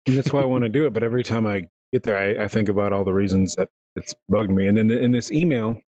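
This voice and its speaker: A man hosting a casual gaming podcast, telling rambling, animated stories. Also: lowish voice, quick pace, dull audio. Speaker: podcast host.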